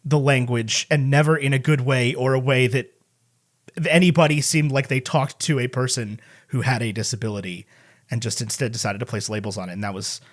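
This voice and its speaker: A man's voice: mid-range voice, steady tone, a little fast. A man hosting a movie podcast, chatting casually and rambling through jokes and stories. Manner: rambling, joking, with many restarts. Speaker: podcast host. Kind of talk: casual interview chat.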